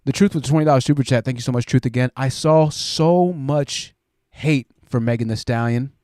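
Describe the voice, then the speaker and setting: A man hosting a live stream, reading viewer super chats aloud and commenting in an animated, exclaiming way while he thinks aloud. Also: mid-range voice, brisk, dry recording, studio quality.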